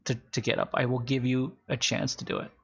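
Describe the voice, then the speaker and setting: A man running a tabletop game as game master, narrating with wry, halting asides. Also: mid-range voice, level tone, gravelly, fairly bright tone, slightly rough, lo-fi sound.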